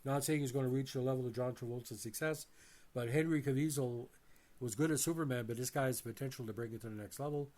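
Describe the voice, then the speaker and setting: A man's voice: medium pitch, fast. A man hosting a movie review channel, reading off a bio and then giving his opinions, with frequent uh fillers and restarts. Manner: addresses viewers as ladies and gentlemen.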